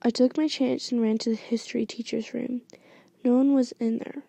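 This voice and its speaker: Hushed, gravelly young woman, whispered story reading. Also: a little high, steady tone, no room sound. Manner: hushed, halting, with restarts. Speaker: story reader.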